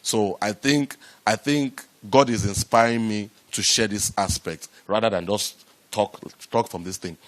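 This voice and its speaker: A man giving a lively motivational talk to a live audience about raising startup money, repeating himself and rising to loud, emphatic bursts. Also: on the low side, a little slow. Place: event room with an audience.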